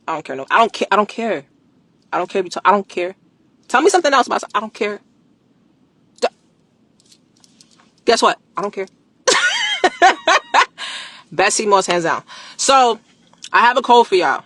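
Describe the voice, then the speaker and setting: Animated woman chatting on a live stream. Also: medium pitch, no echo. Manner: animated, repeats phrases for emphasis, laughs often; slangy and emphatic. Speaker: livestreamer promoting a product. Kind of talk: casual live stream chat.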